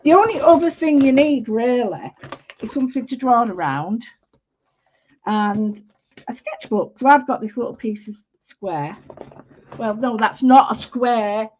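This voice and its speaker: A woman's voice: fairly high pitch, expressive, unhurried, pauses often, darkish tone, lo-fi sound, a little hiss or hum. Chatty Mancunian woman teaching drawing. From Manchester, England. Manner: rambling and friendly, greets viewers by name. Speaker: art teacher hosting a live stream. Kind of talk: chatty live-stream drawing lesson.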